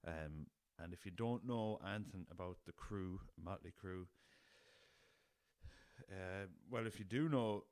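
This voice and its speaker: Young Irish male podcast host, deep voice, loose and jokey, swears a lot, dry recording. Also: unhurried, a little mellow, smooth, no room sound. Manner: laughing at his own jokes, swears freely, rambling. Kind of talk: casual solo podcast chat.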